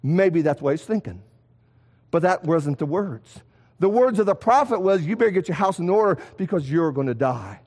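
A man with a strikingly high voice preaches a sermon in a hall with a long, echoing reverb. He builds to emphatic shouts, then drops to quiet, low lines. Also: expressive, normal speed.

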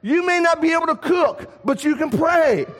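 High-voiced preacher in a reverberant hall. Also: male voice, moderate pace. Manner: animated, rhetorical questions, shifts loud and soft. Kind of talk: sermon. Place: church sanctuary.

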